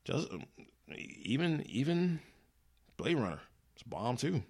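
A man's voice: medium pitch, big pitch swings, unhurried, darkish tone, slightly rough. A man hosting a casual commentary show, ranting angrily with lots of swearing, slang and restarts. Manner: angry, profane, rambling with restarts and slang. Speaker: podcast host.

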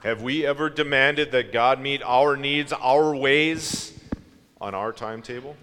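Slow-speaking male preacher with hall reverb. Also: medium pitch, bright, forceful tone, clean tone. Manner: slow, reflective preaching with rhetorical questions. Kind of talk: sermon.

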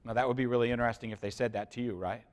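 A pastor preaching a sermon to a congregation, swinging between loud emphasis and quiet, hushed lines and putting questions to the listeners. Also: male voice, mid-range voice, steady tone, rapid-fire.

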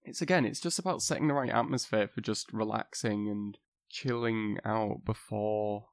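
A man's voice: on the low side, normal speed, no room sound. A young man, a university student, talking earnestly and repeating words as he thinks. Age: young adult. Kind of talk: casual podcast chat.

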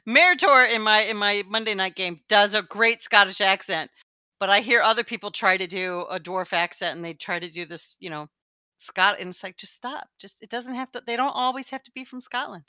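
A woman's voice: mid-range voice, moderate pace, sharp tone, no echo, dull audio. A woman co-hosting a podcast in casual chat, teasing and laughing often. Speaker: podcast co-host.

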